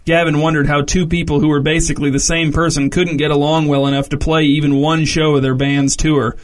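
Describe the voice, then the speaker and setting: Man narrating a story, slightly high voice. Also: level tone, a little fast. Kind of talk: scripted narration.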